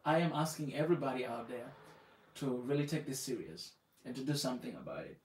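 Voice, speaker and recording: A man's voice: mid-range voice, lively intonation, fast talker, recorded from a distance. A man with an East African accent hosting a live stream, speaking with passion, repeating phrases and firing rhetorical questions at his listeners. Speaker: live show host. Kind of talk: impassioned live-stream talk. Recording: echoey room, voice off-mic.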